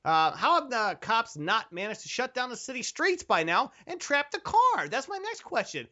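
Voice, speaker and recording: Animated movie-podcast host who rambles and ribs their own jokes, on muffled audio. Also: medium pitch, moderate pace. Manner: animated, rambling and self-mocking. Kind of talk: casual film-review banter.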